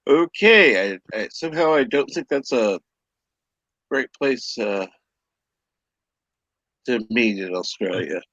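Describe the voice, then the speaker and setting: Slow, hesitant man on a dry call. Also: medium pitch, expressive, fairly bright tone, no room sound, muffled recording. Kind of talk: casual group chat.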